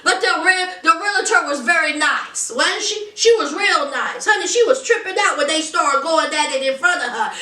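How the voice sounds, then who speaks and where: Brief: sassy woman reviewer, high and bright, teasing and dramatic, recorded a bit far from the mic. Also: lively intonation, normal speed, hardly any pauses. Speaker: reality TV reviewer. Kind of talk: casual recap commentary. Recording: roomy echo, distant from mic.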